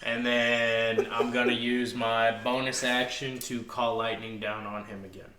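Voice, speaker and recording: A man playing a tabletop game, calmly declaring his moves and counting them out aloud. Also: medium pitch, echoey room. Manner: slow, methodical, counts things out aloud. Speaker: player. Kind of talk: casual tabletop game play.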